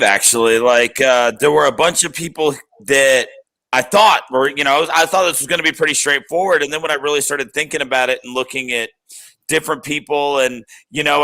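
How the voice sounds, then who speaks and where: A man's voice: medium pitch, bright, forceful tone, low-quality recording. A man on a casual podcast panel who talks in an easygoing, rambling way.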